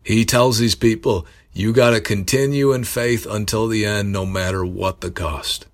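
A man preaching a sermon, earnest and building to emphatic bursts, pausing to correct himself. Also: lowish voice, fairly even intonation.

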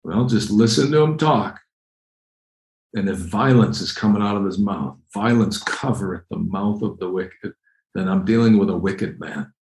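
A man's voice: fairly low pitch, normal speed, darkish tone, reverberant, poor audio. A man preaching a conversational, emphatic sermon, often repeating phrases as he explains Bible verses. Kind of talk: expository sermon.

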